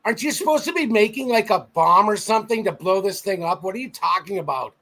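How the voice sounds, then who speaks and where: A man's voice: high voice, expressive, fast talker, fairly bright tone. A man co-hosting a casual movie review, joking and incredulous. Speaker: podcast co-host.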